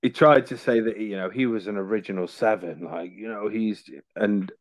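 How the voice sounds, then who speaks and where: A man's voice: lowish voice, steady tone, normal speed. A man, a podcast guest, telling stories in casual chat with many fillers and restarts. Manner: rambling storytelling with many fillers.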